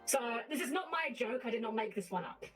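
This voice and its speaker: Woman, a bit high-pitched, rambling storyteller, light music bed. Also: expressive, quick pace. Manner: rambling storyteller, acts out characters; self-mocking. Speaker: vtuber guest. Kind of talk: casual joke telling.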